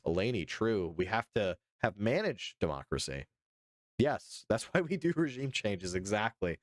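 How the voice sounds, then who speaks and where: Lively, jokey low-voiced male streamer. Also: moderate pace, no echo, clean studio sound. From Georgia, US. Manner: jokey, playfully indignant, addresses chat directly. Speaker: live streamer. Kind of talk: casual live-stream news reaction, chatting with viewers.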